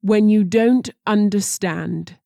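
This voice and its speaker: Woman teacher reading phrases super slow, mellow dark voice, dry sound. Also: mid-range voice, gravelly, no echo. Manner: slow and deliberate, careful pronunciation. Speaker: language teacher.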